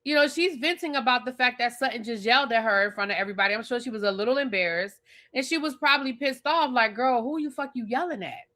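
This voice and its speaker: A woman's voice: a little high, fast. A woman hosting a live TV review, ranting bluntly and with plenty of profanity, and talking straight at the people on the show. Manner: animated, blunt and profane, talks straight at the show's cast. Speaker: TV show reviewer and channel host.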